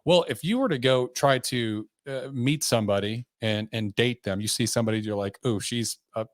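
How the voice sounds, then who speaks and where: A man's voice: medium pitch, a little fast, dry recording. Podcast host man, dry close sound. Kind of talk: casual podcast chat.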